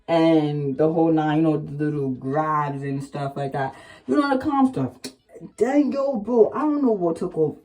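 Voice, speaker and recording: A young woman vlogger chats candidly through a casual storytime, heavy on slang and fillers and sometimes breaking into excited exclamations. Her voice sits low.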